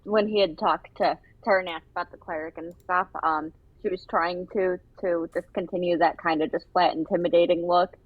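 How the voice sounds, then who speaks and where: Woman player, husky and low, muffled lo-fi mic. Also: fairly even intonation. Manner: halting, thoughtful. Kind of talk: describing her character in a tabletop game. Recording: dull lo-fi mic.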